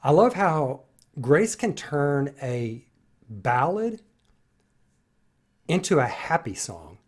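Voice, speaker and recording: A man's voice: fairly high pitch, big pitch swings, slow pace, breathy edge. A man reacting to a song, gushing with praise and restarting his sentences as he thinks aloud. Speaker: reaction video host. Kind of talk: enthusiastic music commentary.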